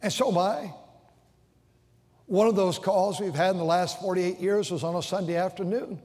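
Heartfelt and halting, an older man preaches as pastor in a large church auditorium, often repeating himself and restarting his phrases. He speaks at normal speed in a voice that's high for a man and slightly mellow, carried by a long, echoing reverb.

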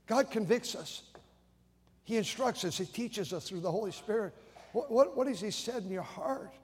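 With a high-pitched, animated, breathy voice at normal speed, an older pastor tells stories through his sermon, frequently stumbling and repeating how he begins. Long hall reverb colors the recording.

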